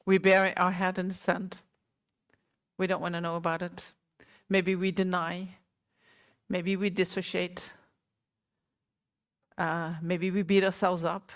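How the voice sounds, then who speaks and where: A woman teacher giving a Buddhist talk to a small group, gentle and unhurried, often asking her listeners questions. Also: fairly low pitch, little pitch movement. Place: meditation center hall.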